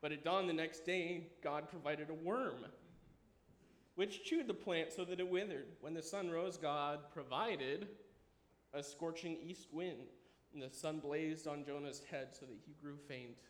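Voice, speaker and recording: A man in his thirties preaching a sermon, animated and enthusiastic, dropping at times to a quiet, earnest tone. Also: a little high, measured pace. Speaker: pastor. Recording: echoey room with faint ambience.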